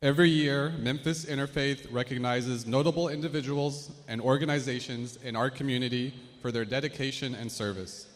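Mid-pitched man delivering a scripted introduction, echoing hall. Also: steady tone, brisk, few pauses. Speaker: announcer introducing the next speaker. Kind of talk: scripted announcement. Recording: long reverb in a large hall.

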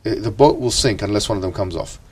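A man leads an ethics lesson in a classroom with a somewhat low voice. He talks in questions, repeats himself and checks in with the students as he goes. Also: fast, a little mellow, slightly rough, distant mic. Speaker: teacher.

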